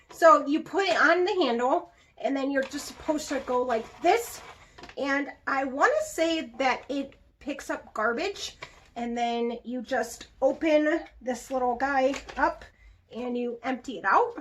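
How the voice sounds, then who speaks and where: A woman's voice: high-pitched, a little hiss or hum. A young adult woman talking casually and with animation as she reviews products in a vlog, laughing now and then. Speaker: vlogger.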